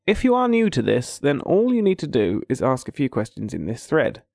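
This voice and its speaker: A man's voice: mid-range voice, huge pitch swings, a little fast, creaky, a little mellow, no echo, clean studio sound. A man hosting a casual chat, joking, laughing often and reading listener questions aloud. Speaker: podcast host.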